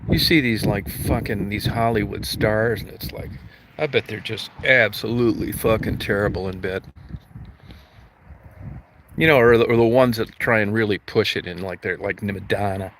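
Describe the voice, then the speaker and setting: Man, low voice, profane ranting livestream, faint noise behind. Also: normal speed. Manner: crude, ranting, heavy swearing. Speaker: livestream host. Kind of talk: profane comedic rant.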